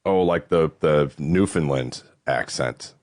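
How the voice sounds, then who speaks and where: He takes it slowly, this podcast co-host, rambling through a casual conversation, swearing offhandedly and letting his pitch rise in lively ways. The audio is studio quality with no room sound.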